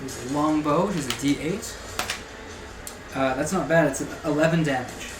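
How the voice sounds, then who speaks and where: A man's voice: on the high side, moderate pace, echoey room, music in the background, low-quality recording. A man running a tabletop game as game master, narrating and calling rolls with frequent laughter. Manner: laughing often, relaxed rules talk.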